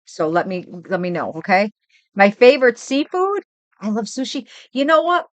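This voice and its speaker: A woman's voice: fairly high pitch, normal speed, no room sound. Chatty grandmother streamer, dry sound. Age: older. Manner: chatty, rambling, animated storytelling. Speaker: livestream host. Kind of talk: casual chat with viewers. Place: home.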